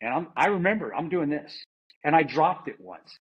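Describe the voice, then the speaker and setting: A husky middle-aged man from the United States talks through his combat memories in a candid, plain-spoken way, often restarting sentences and swearing now and then. The audio is dull and a bit lo-fi, like a modest podcast setup. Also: on the high side, animated, normal speed. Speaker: interview guest, former Army Ranger and security contractor. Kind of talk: candid conversational storytelling.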